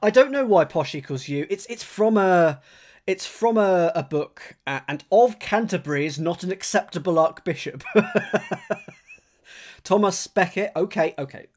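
A man chats casually on a live stream. He mulls things over out loud, repeats phrases to himself and talks straight to his audience in a relaxed, conversational way. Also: high-pitched. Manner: thinks aloud, rereads clues slowly, chatty with viewers. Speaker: streamer solving a crossword.

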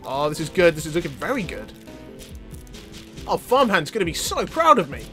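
A man giving animated, joking gameplay commentary to his viewers. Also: fairly high pitch, moderate pace, soft background music. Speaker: gaming YouTuber.

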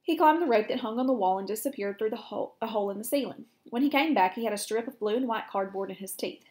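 A woman teacher reading a children's chapter book aloud to her class, steady and clear. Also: a little high, fast talker.

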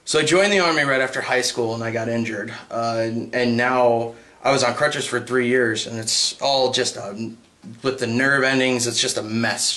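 A young man doing a stand-up set for a live crowd, halting with many ums and uhs and breaking into high put-on voices. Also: fairly bright tone. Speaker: stand-up comedian. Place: comedy stage with a live audience.

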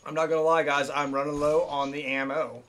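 A man chatting slowly and casually with friends while playing a shooter game, with swearing banter. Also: on the high side, little pitch movement, fairly bright tone, slight background noise. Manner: slow, laid-back, swearing banter. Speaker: gamer. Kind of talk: casual gaming chat.

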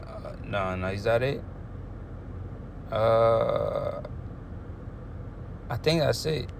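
Slow-talking slangy man vlogging bets. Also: mid-range voice, gravelly, a little hiss or hum. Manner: slangy, animated, loud greetings, trails off into quiet muttering; slow, halting while working out numbers. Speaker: sports betting vlogger. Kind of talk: casual talk to camera.

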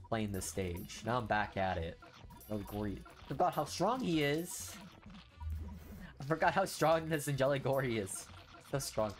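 A young man commenting on a mobile game he is streaming, grumbling low, then bursting out loud in frustration. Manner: frustrated ranting, swings from low muttering to loud outbursts. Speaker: gaming streamer. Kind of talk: casual gameplay commentary.

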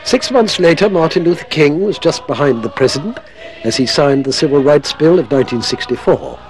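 A man reading scripted documentary narration in a measured way. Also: a little high, lively intonation, low-quality recording.

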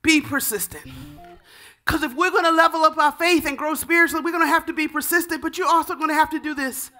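Woman preacher, high bright voice, fervent sermon with shouted calls. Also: fairly even intonation, soft background music. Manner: softer, measured teaching tone. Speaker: pastor.

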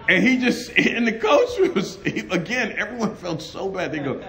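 A middle-aged man preaching a sermon at a conference, telling personal stories with animated, laughing delivery and acted-out dialogue. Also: high-pitched, a little slow, a crowd in the background. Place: conference hall.

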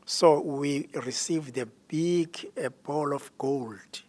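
A man from South Africa, a singing group member, giving halting interview answers. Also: on the high side, a little mellow. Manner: halting, searching for words.

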